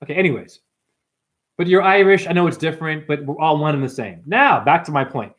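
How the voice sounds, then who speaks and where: Brash, profane male livestream host with a slightly high voice. He rambles, addresses his chat as "honey". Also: lively intonation, fairly bright tone. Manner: profane, brash, calls viewers honey and dumbass; jumps between topics, quick asides.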